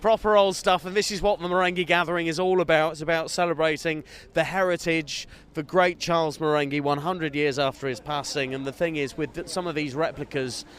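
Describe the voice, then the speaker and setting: A man's voice: a little high, fairly even intonation, brisk, hardly any pauses, fairly bright tone. Chatty man presenting outdoors at a fair. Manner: chatty, enthusiastic, teasing. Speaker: radio presenter interviewing at a steam fair. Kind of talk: on-location interview.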